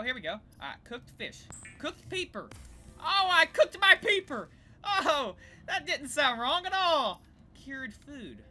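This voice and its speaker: A young woman in casual let's-play commentary, excitable and gasping, chattering to the creatures she meets. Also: mid-range voice, a little hiss or hum. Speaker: gameplay video creator.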